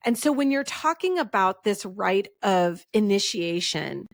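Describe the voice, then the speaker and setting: A woman's voice: medium pitch, animated, measured pace, dry recording, studio quality. A woman in her forties hosting a casual podcast conversation. She talks in a rambling, heartfelt way and often restarts her sentences. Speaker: podcast host.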